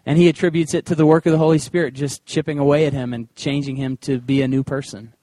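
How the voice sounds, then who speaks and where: A man preaching a sermon in a conversational, animated way, weaving in personal stories. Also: fairly high pitch, fast, dry recording. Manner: conversational and animated, with acted-out quotes. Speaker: pastor.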